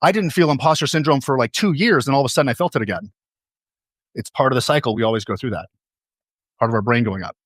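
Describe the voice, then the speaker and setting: A man's voice: medium pitch, fast talker, long pauses, a bit bright, no echo, clean studio sound. A man giving a motivational stage talk as a coach. He tells stories, asks the audience questions and repeats key phrases for emphasis.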